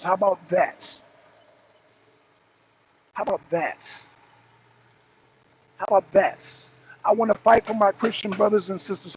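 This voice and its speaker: A man co-hosting a political talk show, arguing heatedly, repeating himself and mocking the people he is answering. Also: sits high. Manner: argumentative, repetitive, mocking. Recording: dull lo-fi stream audio with faint noise.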